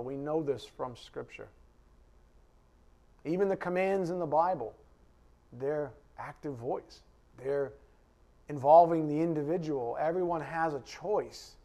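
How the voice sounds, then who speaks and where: A male preacher with a somewhat high-pitched voice gives a conversational sermon to his class. He speaks straight to the congregation with blunt, emphatic delivery. He punches key words loudly, then drops into quiet, muttered asides. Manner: emphatic and direct, addressing the congregation. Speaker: preacher teaching a Bible class.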